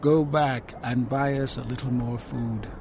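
A man's voice: mid-range voice, steady tone, unhurried, background noise, natural voice. An actor playing an aged, grieving father in an audio drama, speaking in a mournful, protective way. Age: older.

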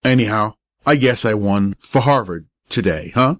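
A man voicing a frail, dying young boy who speaks weakly in slow whispers, brave and a little self-important. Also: on the low side, animated, fairly bright tone, dry recording, clean studio sound. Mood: faint, wistful.

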